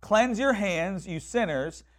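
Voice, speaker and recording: A man with a high voice preaches in a loose, conversational way. He restarts and repeats phrases, then slips into quoted voices to act out what people say. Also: animated, takes it slowly. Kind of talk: sermon.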